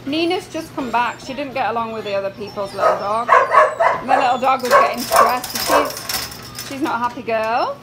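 A woman's voice: fairly high pitch, moderate pace, very noisy. A woman at a dog rescue, introducing new dogs in a casual walkaround video and cooing baby talk to them, recorded outdoors by the kennels on a phone. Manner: coos and baby-talks to the dogs.

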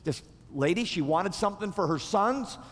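A male pastor preaching in a lively, conversational style, his words tumbling out with frequent restarts. His voice sits on the higher side for a man, and it carries the long reverb of a large church auditorium. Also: moderate pace. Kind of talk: sermon.

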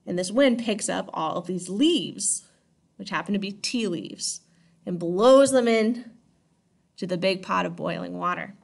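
A woman's voice: mid-range voice, animated, a little slow, vocal fry. A woman teaching a history lesson in a casual, chatty way, often checking in with her listeners. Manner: chatty, checks in with 'right?' and 'okay?'. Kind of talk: casual classroom lecture.

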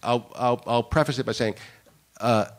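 In a conference room, a guest director from Miami shares career stories during a panel conversation. He's an animated storyteller who performs the quoted lines of others, speaking in a mid-range voice at a moderate pace.

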